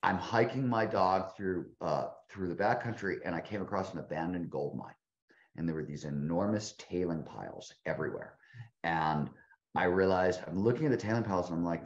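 A man's voice: deep voice, animated, brisk. A man in his fifties, a guest author telling a long story in a casual interview, rambling with frequent restarts and fillers. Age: 50s. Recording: roomy, dull lo-fi sound.

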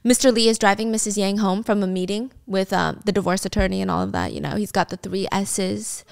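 A woman casually recapping a drama on a podcast, acting out the lines with lively, swearing commentary. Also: mid-range voice, a little fast, creaky, smooth.

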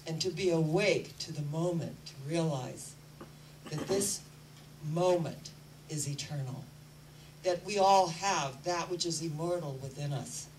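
A woman's voice: lowish voice, distant mic, a little hiss or hum, poor audio. A woman spiritual teacher giving an earnest inspirational talk and telling stories. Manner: earnest, storytelling.

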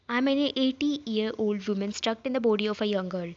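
A woman reading a fan fiction story aloud in a plain, even way, speaking all of the parts herself. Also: fairly high pitch, moderate pace, hardly any pauses. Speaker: story narrator. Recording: slightly dull lo-fi sound.

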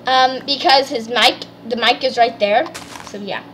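A woman hosting a let's play, chatting excitedly and explaining the game as she goes. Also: fairly high pitch, unhurried, slight background noise. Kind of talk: casual gameplay chat.

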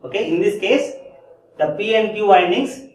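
High-voiced lecturing man in echoey room. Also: lively intonation, moderate pace, slight background noise. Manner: repeats key phrases, checks understanding with "Clear?". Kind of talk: classroom lecture. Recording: echoey room, distant mic.

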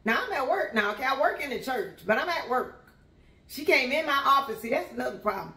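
Animated storytelling woman, higher voice. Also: fairly quick, roomy sound. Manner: animated, conversational, addresses listeners as y'all. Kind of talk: casual storytelling to an audience.

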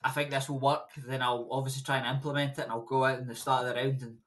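A man's voice: mid-range voice, little pitch movement, fast talker, fairly bright tone. A young Scottish man, a boxer, chatting loosely in an interview and rambling through stories with frequent laughs. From Scotland. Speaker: boxer, guest. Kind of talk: casual interview chat.

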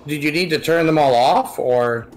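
A man's voice: a little high, normal speed. A man co-playing a horror game in casual chat, making dry, wry remarks. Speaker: co-player and guest. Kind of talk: casual let's-play chat.

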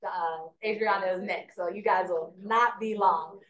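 A middle-aged woman teaching a live real estate class, telling stories with lively energy and often checking in with "right?". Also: mid-range voice, unhurried. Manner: animated storyteller, asks "right?" often. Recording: echoey lo-fi room recording.

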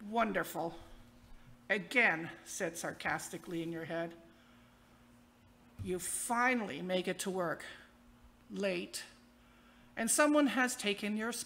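A woman's voice: on the high side, pushed and bright. A woman minister giving a sermon in a playful, wry storytelling way. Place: church.

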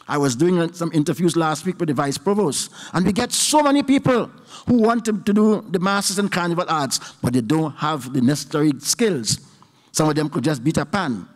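Trinidadian guy giving a speech in a big echoey hall, fairly high voice, punchy and slow on the big points. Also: lively intonation. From Trinidad and Tobago. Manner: emphatic, deliberate, repeats key points slowly. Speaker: university professor giving a budget response. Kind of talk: public speech to an audience. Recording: speech hall with long reverb.

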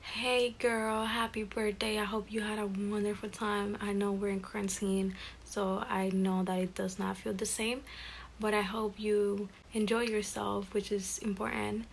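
A teenage girl speaks in a flat, level tone with a lot of vocal fry. She rambles earnestly through a heartfelt birthday message. A faint hiss sits under her voice. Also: mid-range voice, unhurried. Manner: earnest, rambling, self-aware. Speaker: friend recording a birthday message.

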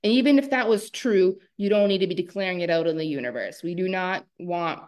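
A woman coach giving a live online masterclass, animated and emphatic and laughing often. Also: fairly low pitch.

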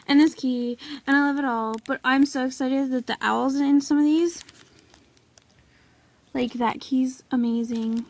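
A young woman filming a casual haul video, gushing excitedly with lots of "like" and "oh my god". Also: high voice. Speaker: vlogger showing a haul.

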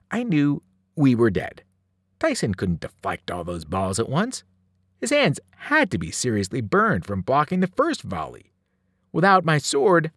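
A man, a teacher, reading a novel aloud to students in an expressive storytelling manner. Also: mid-range voice, no echo, clean studio sound. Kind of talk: audiobook narration for students.

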